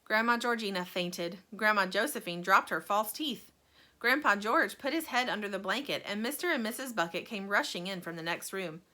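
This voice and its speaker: A woman reading a children's chapter book aloud as storyteller, animated and friendly. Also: mid-range voice, normal speed.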